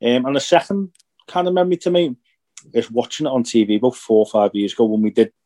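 Young man from Northern Ireland, podcast co-host, reflective and halting, mellow voice. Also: medium pitch. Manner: reflective, halting, searching for words. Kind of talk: casual podcast chat.

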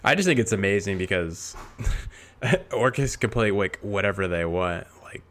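A man chatting casually as a podcast co-host, with a somewhat low voice. He sounds easygoing and conversational. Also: lively intonation, moderate pace, fairly bright tone. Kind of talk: casual chat.

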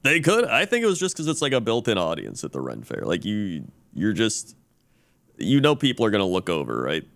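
A man's voice: on the low side, huge pitch swings, fairly quick, creaky, a bit bright. A man co-hosting a podcast, telling a rambling story in casual chat full of fillers and restarts. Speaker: podcast co-host.

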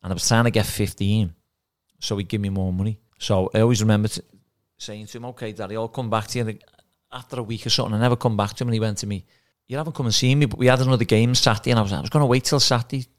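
Speaking very fast in a fairly low, steady voice, a former footballer turned manager shares career anecdotes on a casual podcast. He's chatty and performs the quoted dialogue as he goes.

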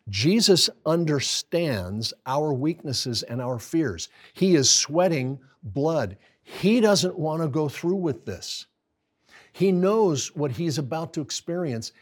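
A man's voice: mid-range voice, slightly rough. An American man teaching a Bible study in an earnest sermon style, building to pleading intensity when quoting prayers.

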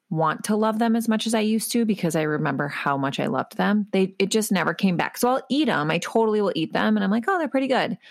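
A mother co-hosting a relaxed podcast chat, with a low voice that has a strong gravelly fry running through it. She tells stories with a teasing edge and is quick to laugh. The sound is dry and close to the mic. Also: no echo. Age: adult, a mother. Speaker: podcast co-host. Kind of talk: casual chat.

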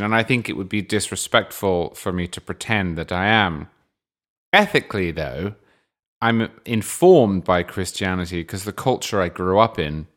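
A man's voice: fairly low pitch, fairly bright tone. An English man hosting a podcast, answering listener questions with dry, wry humor. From England. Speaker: podcast host.

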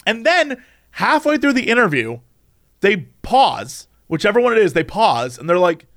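Man, high voice, very lively pitch, casual storytelling, laughs a lot. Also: normal speed. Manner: animated, acts out quoted voices, laughs often.

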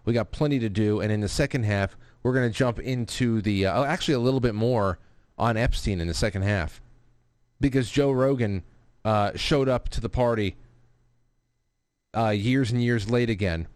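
A man's voice: fairly low pitch, moderate pace, darkish tone, no echo. A man hosting a casual live talk show who reads out viewer messages and rambles with restarts and profane asides. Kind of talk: casual live-stream talk, reading super chats.

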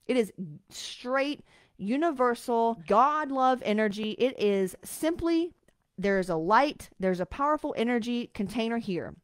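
A woman's voice: a little high, expressive, measured pace, dry recording. A woman hosting a motivational podcast, talking bluntly and swearing freely, with sudden emphatic bursts. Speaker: podcast host and coach.

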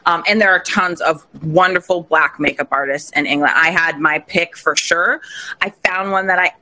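Woman guest, bright voice, animated and expressive storyteller in a casual chat. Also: fairly low pitch, normal speed, slight background noise. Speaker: podcast guest, recent bride. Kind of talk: casual interview conversation.

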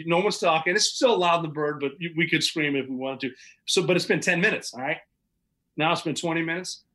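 A man's voice: fairly high pitch, pushed and bright, poor audio. A man, a podcast guest, recounting events in casual, vivid, matter-of-fact storytelling with occasional chuckles.

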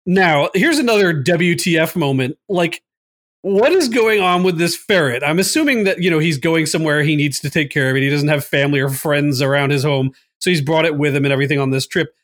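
A man's voice: fairly high pitch, fairly quick. Chatty, laughing man recapping a movie. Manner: animated, laughs often, lots of fillers. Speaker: podcast co-host. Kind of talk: casual movie recap chat.

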